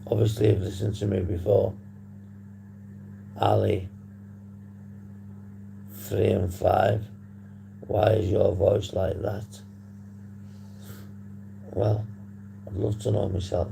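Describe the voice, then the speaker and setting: A man from the UK hosting a casual recovery livestream, husky from a long phone call, rambling and swearing casually to his chat. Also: fairly low pitch, flat delivery, slow pace, long pauses, a little hiss or hum. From United Kingdom. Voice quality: gravelly, dark voice. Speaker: livestream host on addiction recovery. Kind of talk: casual live-stream chat to viewers.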